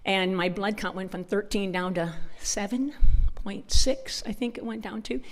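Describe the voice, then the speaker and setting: A woman's voice: medium pitch, steady tone, normal speed. A woman with a northern US accent, speaking at a church conference and telling personal stories in a chatty way, often laughing. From northern United States. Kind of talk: personal storytelling talk.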